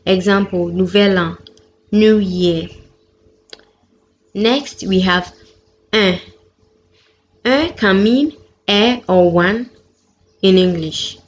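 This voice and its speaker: A female French teacher narrates a lesson slowly and deliberately in a mid-range voice, pronouncing each example clearly and carefully. The lo-fi recording sounds muffled and dull, with light hiss and faint background noise.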